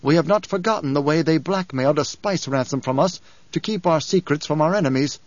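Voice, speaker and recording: A man's voice: a little fast, no echo, lightly acted. A man voicing a fanatical male advisor who talks in an insistent, pleading manner. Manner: pleading, insistent, higher-pitched. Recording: dull lo-fi audiobook recording.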